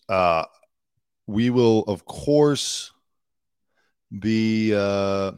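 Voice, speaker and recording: Male entertainment news host, snarky opinionated commentary, casual delivery, lowish voice. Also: moderate pace, no room sound, clean studio sound. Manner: casual, with frequent fillers and restarts.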